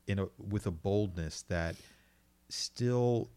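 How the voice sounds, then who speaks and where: A man's voice: on the low side, slow, warm tone, clean tone. A man in casual chat who laughs often and eagerly backs up his co-host.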